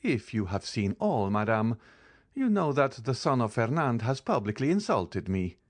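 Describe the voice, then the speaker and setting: A man reading an audiobook, voicing a calm, commanding count with bitter irony. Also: medium pitch, a little slow, no room sound, clean studio sound, pitched above the performer's own voice. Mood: cold. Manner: calm, icy, ironic. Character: cold, commanding male count, bitterly ironic. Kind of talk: audiobook character voice.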